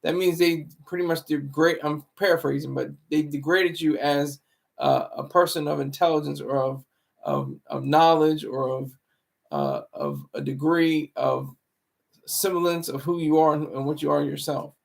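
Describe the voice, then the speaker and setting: In an unhurried way, a livestream commentary host rambles and moralizes, restarting words as he stumbles. His voice sits somewhat high with gravelly fry, and the casual stream sounds like it's coming from a home setup.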